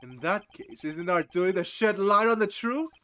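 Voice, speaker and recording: A man voicing a cool, composed male prosecutor from a game, reading in a measured, stern and formal way. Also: high voice, lively intonation, bright, forceful tone. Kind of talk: reading game dialogue aloud.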